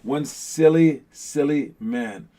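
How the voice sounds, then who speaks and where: A man's voice: medium pitch, takes it slowly, mellow. A man hosting a basketball show, chatting casually to his viewers with lots of restarts and fillers. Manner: rambling, many restarts and fillers, addresses the audience as guys.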